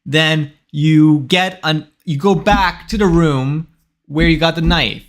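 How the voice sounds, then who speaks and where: A young man in his twenties chats his way through a live coding stream, thinking aloud and restarting his sentences as he goes. His voice sits a little high for a man, and his talk is loose and rambling. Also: slow pace. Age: 20s. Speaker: game developer streaming his work.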